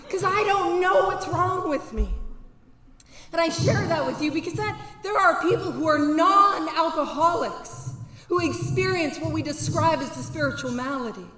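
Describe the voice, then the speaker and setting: Speaking at a normal speed in a very high, slightly bright voice, a recovery speaker shares her personal story at a banquet with earnest directness and occasional bursts of whooping. The hall's long reverb makes it sound echoey.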